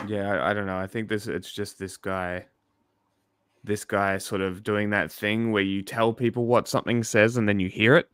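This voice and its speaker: A man's voice: fairly low pitch, flat delivery, moderate pace, a bit bright, clear, resonant tone. A man co-hosting a live stream, talking casually and hesitantly with stammered restarts. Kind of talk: casual chat.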